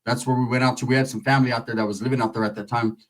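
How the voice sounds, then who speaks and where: A man's voice: mid-range voice, steady tone, very fast, distant mic, poor audio. A man from Northern California telling a comic story in a loose, crude, rambling way, full of slang. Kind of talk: comedic storytelling.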